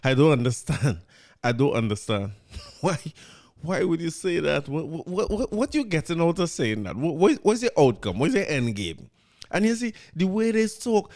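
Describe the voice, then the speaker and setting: Trinidadian podcast host ranting casually. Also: male voice, a little high, big pitch swings, normal speed, darkish tone. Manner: incredulous, laughing, repeats words when riled. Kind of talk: casual commentary.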